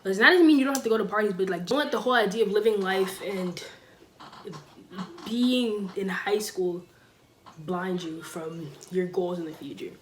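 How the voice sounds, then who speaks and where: A teenage girl on her own channel, giving blunt school advice in a casual sit-down talk, with sudden loud stresses. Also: mid-range voice, normal speed, a little hiss or hum. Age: teens. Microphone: camera mic, sitting.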